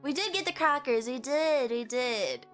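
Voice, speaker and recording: Female streamer, young adult; bright, high-ish, giggly, rambling casual chat. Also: lively intonation, measured pace, soft background music.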